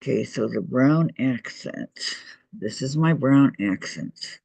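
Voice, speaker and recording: Male craft-show host, husky voice, mid-range pitch, chatty work-along delivery with viewer messages read aloud. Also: animated, takes it slowly, a little mellow, dry recording, rough recording. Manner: mutters to himself while working and reads out viewer messages. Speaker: host of a quilting shop's online meeting. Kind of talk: casual crafting demonstration.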